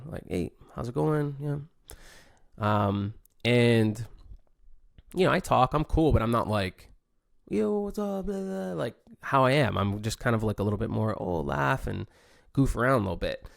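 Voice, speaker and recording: A young man talks through his thoughts in a loose, rambling podcast monologue, stopping and restarting often. His voice sits low with a gravelly edge. The sound is dry and close, with no room around it. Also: no echo. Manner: rambling, many fillers and restarts, thinking aloud. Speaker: podcast host, competitive surfer. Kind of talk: casual reflective monologue.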